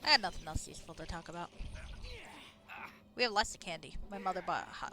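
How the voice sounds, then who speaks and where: A woman's voice: on the low side, quick pace. A woman streaming a game, chatting casually and rambling with frequent laughs. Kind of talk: casual gameplay commentary. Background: game music.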